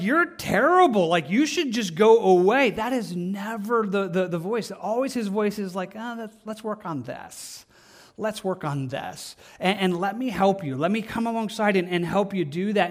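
Earnest higher-voiced man preaching. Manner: earnest, conversational preaching with repetitions. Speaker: pastor. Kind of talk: sermon.

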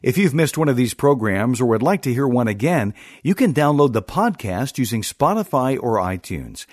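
Husky-voiced male radio announcer. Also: medium pitch, big pitch swings, darkish tone, no room sound, studio quality. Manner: smooth, measured announcer delivery. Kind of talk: scripted announcement.

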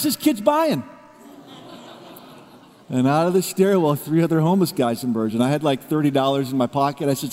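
Man, pastor, high voice, storytelling sermon, long hall reverb. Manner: storytelling, swings from low hushed tones to raised emphatic preaching.

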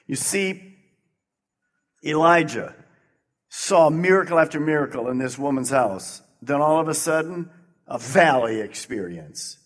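Pastor, male, slightly high voice, dynamic preaching with loud peaks and quiet drops, long hall reverb. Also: expressive, a little slow. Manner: dynamic preaching, swinging between loud emphasis and quiet lows. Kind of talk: sermon.

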